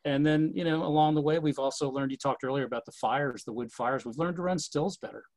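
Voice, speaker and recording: A man's voice: mid-range voice, quick pace, darkish tone, dry recording, rough recording. A man in casual conversation about running a historic distillery, rambling with many fillers and restarts.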